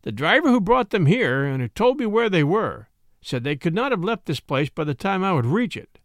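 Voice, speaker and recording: A worried elder brother in a storybook fires off hurried questions, as a narrator puts him on, in a high, excited voice. The reading sounds close and dry. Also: male voice, no echo, full character voice. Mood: urgent.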